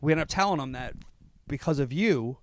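A man co-hosting a casual podcast chat in an office, telling stories in an excitable, quick way with a lot of "yeah". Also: a little high, no echo. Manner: excitable, quick storytelling with many yeahs. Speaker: podcast co-host and comedy club owner.

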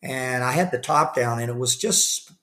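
A man's voice: medium pitch, moderate pace, sharp tone. Older guy on a podcast, average voice, rambling and self-deprecating, lots of uh and restarts. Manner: rambling, with frequent restarts and fillers; acts out the voices of people he quotes. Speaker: podcast guest. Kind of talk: casual interview storytelling.

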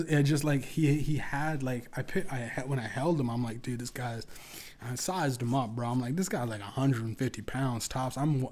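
A man hosting a podcast, telling a profane story casually and acting out other people's lines in a higher voice. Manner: profane, animated, acts out quotes in a higher voice. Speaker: podcast host.

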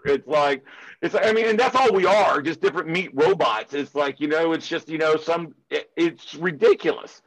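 A man's voice: a little high, normal speed, rough recording. A man who speaks at security conferences, chatting casually in an interview and drifting into passionate, rambling rants full of "it's like.". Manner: heavy filler use of "it's like".

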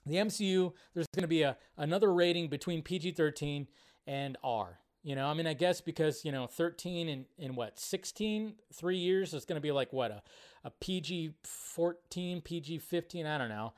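A man hosting a live movie news show, ranting casually with swearing and big swings between loud and quiet. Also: on the high side, moderate pace. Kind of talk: casual live-stream rant.

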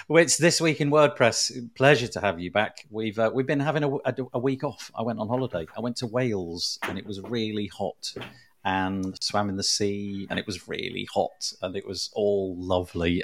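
A man's voice: on the low side, a bit bright. A man hosting a podcast in casual chat, chatty and self-deprecating, laughing often. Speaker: podcast host.

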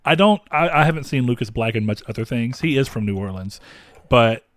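A man's voice: mid-range voice, expressive, fairly quick, dry recording. A young man from the American South co-hosting a podcast, chatting casually and rambling with many fillers and frequent laughs. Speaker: podcast co-host. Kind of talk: casual chat.

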